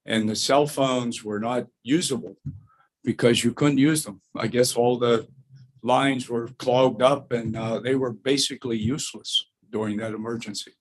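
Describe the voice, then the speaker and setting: A man chairing a school board meeting, hoarse tonight, speaking plainly and reading a formal resolution with measured delivery. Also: mid-range voice, steady tone. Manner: plain, measured, clears his throat.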